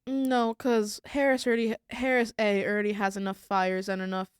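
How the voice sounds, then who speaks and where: Smooth-voiced young woman chatting. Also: medium pitch, flat delivery, normal speed, dry recording, clean studio sound. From Florida. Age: young adult. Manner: chatty, rambling storyteller. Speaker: podcast co-host. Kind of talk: casual chat.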